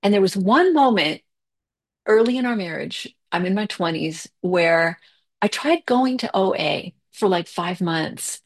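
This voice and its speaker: A middle-aged woman giving a candid personal recovery share. She talks conversationally, with fillers, quick bursts and slow stretches. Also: medium pitch, expressive. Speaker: recovery meeting speaker.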